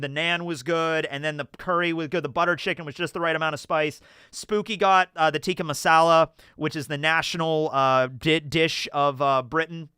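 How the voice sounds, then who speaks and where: Young american guy rambling on stream, kinda high bright voice, super dry close sound. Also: clear, resonant tone, no echo. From United States. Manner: rambling, animated storytelling with many fillers. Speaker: streamer reading chat questions. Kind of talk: casual livestream chat.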